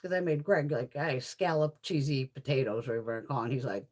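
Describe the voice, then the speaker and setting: A woman's voice: very deep voice, normal speed, pauses often. A middle-aged woman chatting casually on her vlog, telling stories with lots of swearing and laughter. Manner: swears freely, laughs often, animated storytelling. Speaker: beauty vlogger. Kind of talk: casual chit-chat.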